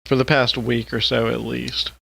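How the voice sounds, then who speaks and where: Male podcast co-host, gravelly, excitable and profane, casual chat. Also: mid-range voice, moderate pace. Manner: excitable, profane, animated retelling.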